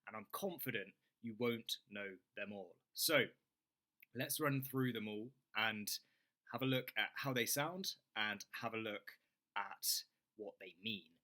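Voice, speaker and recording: A young British man teaching an English lesson, saying phrases slowly and clearly for learners to repeat. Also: on the low side, sharp tone.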